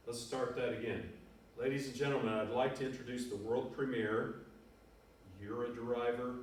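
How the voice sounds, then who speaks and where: A man's voice: mid-range voice, fairly even intonation, moderate pace. A man teaching a math lesson in a casual way, thinking aloud and counting off numbers as he plots points. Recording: very echoey room, voice from far off, faint music.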